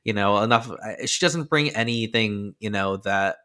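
A man's voice: lowish voice, normal speed, bright, forceful tone. A man co-hosting a podcast in casual chat, hesitant and full of fillers. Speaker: podcast co-host.

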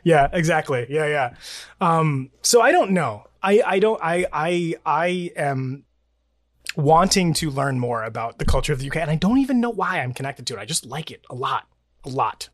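A man's voice: on the high side, lively intonation, moderate pace, no echo, clean studio sound. A man from the United States co-hosting a podcast in casual chat, rambling and laughing often. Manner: rambling, restarts, laughs a lot. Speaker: podcast co-host.

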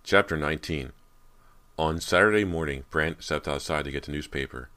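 Very deep-voiced male horror narrator. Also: normal speed, pushed and bright. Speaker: audiobook narrator. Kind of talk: scripted horror audiobook narration.

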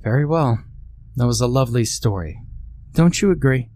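A man's voice: medium pitch, normal speed, darkish tone, slight background noise, close to an everyday voice. A man voicing a patient camp counselor who scolds the campers kindly. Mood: encouraging.

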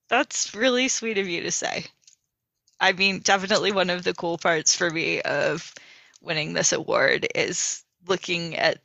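A woman's voice: on the low side, gravelly, fairly bright tone, dry recording, lo-fi sound. An American woman, a podcast guest, chatting casually and thoughtfully. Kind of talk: casual chat.

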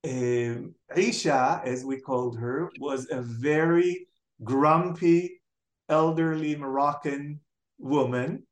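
A memoir author from Israel, telling animated family anecdotes thoughtfully in an interview, with frequent hesitations. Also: medium pitch, takes it slowly, roomy sound. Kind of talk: reflective storytelling in an interview.

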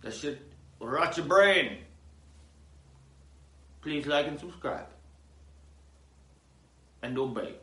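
A man riffing on an odd news story in a rambling comedy bit, lurching from loud outbursts to low mumbled asides. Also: lively intonation, slow pace, pauses often, roomy sound.

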